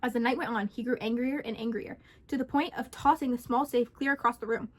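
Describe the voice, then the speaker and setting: A young woman reads a scary story aloud for her vlog. Her voice sits high, and she leans into the drama of each line. Her delivery is animated and expressive. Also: fairly quick. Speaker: vlogger.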